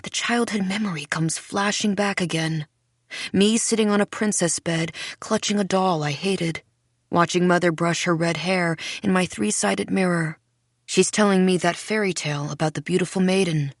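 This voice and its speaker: A woman reading a first-person mystery audiobook in a measured, hushed way. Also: on the low side, no echo, studio quality. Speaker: audiobook narrator. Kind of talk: scripted first-person narration.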